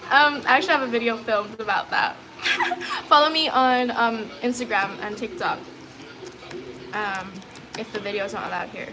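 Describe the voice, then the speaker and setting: A woman's voice: a little high, unhurried, pauses often, noisy background. A woman chatting casually on a livestream, reading viewer messages, giggling often and leaning on fillers.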